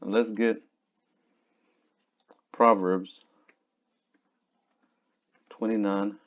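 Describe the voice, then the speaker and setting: A man teaching from scripture in a casual, conversational way, reading verses slowly and looking up words aloud. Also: on the low side, little pitch movement. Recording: dull lo-fi recording.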